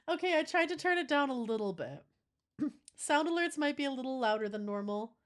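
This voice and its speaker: A woman's voice: a little high, expressive, normal speed. A woman streamer chatting casually with her viewers, swearing now and then as she fixes her audio setup. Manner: chatty, swears, talks to chat while troubleshooting. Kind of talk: casual live-stream chat.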